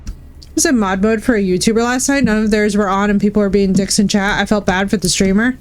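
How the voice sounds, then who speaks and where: A medium-pitched woman talks a little fast while playing on her Twitch stream, with a bit of hiss or hum audible. She chats casually and candidly with viewers, swearing freely and using bro and dude.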